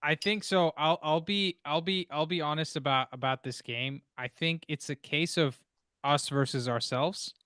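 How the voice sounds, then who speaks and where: Man, somewhat high voice, dry close sound, stream host, emphatic, repetitive. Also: fairly even intonation, normal speed, sharp tone, smooth, no room sound. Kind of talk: live stream football talk.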